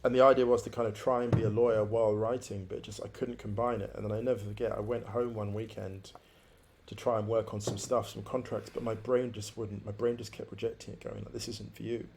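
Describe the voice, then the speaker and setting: A man's voice: on the low side, flat delivery, fast, noisy background. A man around forty, a podcast guest, reflectively telling his life story and repeating phrases for emphasis.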